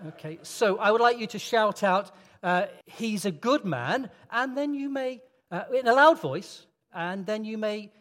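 A man leading a playful, interactive children's talk in church, coaxing volunteers and reading scripture slowly. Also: high-pitched, a bit bright. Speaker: preacher. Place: large church hall. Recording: long church-hall reverb.

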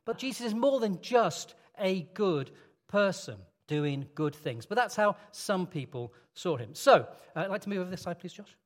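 A man leading a playful, interactive children's talk in church, coaxing volunteers and reading scripture slowly. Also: high voice, expressive. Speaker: preacher. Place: large church hall. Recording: long church-hall reverb.

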